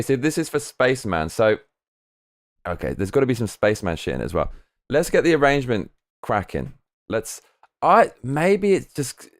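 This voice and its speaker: A man livestreaming as he builds a music track, talking casually and rambling through his ideas while swearing freely. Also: medium pitch.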